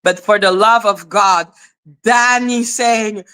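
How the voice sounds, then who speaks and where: A woman hosting a commentary livestream, ranting with heavy profanity and mockery, breaking into shouts. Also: medium pitch, fairly even intonation, slow pace, clear, resonant tone. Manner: profane, mocking, shouts in outbursts. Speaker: commentary channel host. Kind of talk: heated livestream rant.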